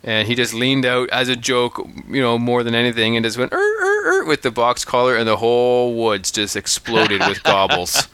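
A man co-hosting a podcast, telling hunting stories in an animated, casual way, often restarting his sentences. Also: mid-range voice, normal speed, hardly any pauses, clear, resonant tone, no room sound. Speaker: podcast co-host. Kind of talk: casual storytelling chat.

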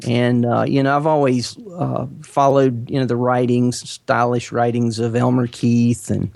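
This is a man in his forties with a Southern US accent, talking as a podcast guest. He speaks at a middle pitch, rambling and hesitating with many fillers. The sound is dry and close. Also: level tone, measured pace, vocal fry, darkish tone, dry recording. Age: 40s. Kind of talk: casual interview chat.

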